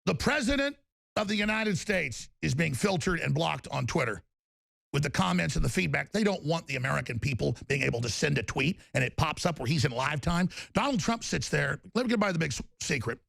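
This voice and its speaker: A gravelly, fry-heavy man rants through a talk-radio monologue, his voice sitting a little high for a man. The sound is dry and close, with no room around it. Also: animated, a little fast, fairly bright tone, no echo. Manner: ranting, mocks opponents in put-on voices.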